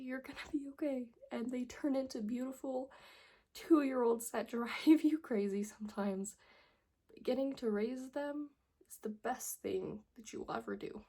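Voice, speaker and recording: A woman's voice: high-pitched, vocal fry, dark tone, breathy edge. A young woman telling her personal story in a vlog, emotional and earnest, tearful as she pleads with viewers. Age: young adult. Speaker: vlogger.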